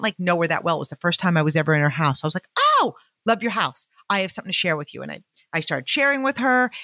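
A woman telling lively personal business stories in a motivational talk, acting out the dialogue and speaking straight to her listeners. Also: medium pitch, no room sound. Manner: animated, acts out quoted dialogue, addresses listeners as "you guys". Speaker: network marketing business owner.

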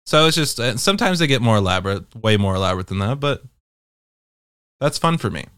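A man's voice: mid-range voice, lively intonation, a little fast, a bit bright, clear, resonant tone, dry recording, clean studio sound. A man giving casual, wry and profane commentary as he explores social game worlds.

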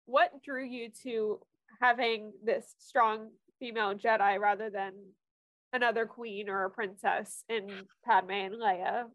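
A woman hosting a podcast interview asks questions in a halting, casual way and gives short encouraging replies. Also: mid-range voice, fairly even intonation, a bit bright, dry recording, muffled recording. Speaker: podcast host.

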